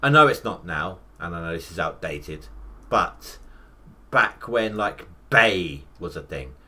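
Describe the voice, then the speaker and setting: A man's voice: sits low, expressive, a little slow, sharp tone. A man in his thirties, rambling through casual live gameplay commentary with self-mocking asides. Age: 30s. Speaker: gaming livestreamer.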